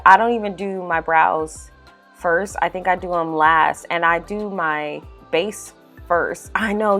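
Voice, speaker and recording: A young woman chatting casually as a makeup vlogger, animated and full of "y'all" and "like.". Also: mid-range voice. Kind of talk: casual voice-over chat. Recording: faint music underneath.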